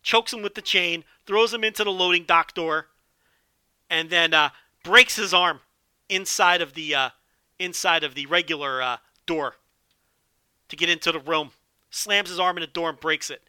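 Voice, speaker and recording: A man hosting a solo podcast with animated, profane, joking commentary. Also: fairly high pitch, moderate pace, clean tone, no room sound, studio quality. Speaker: podcast host.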